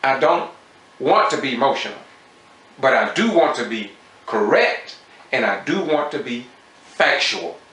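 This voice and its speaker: Man, impassioned citizen commentator, bright high voice that swings widely, echoey room. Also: expressive, measured pace, pauses often. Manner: impassioned, repetitive, preacher-like emphasis. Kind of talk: emotional commentary over meeting footage.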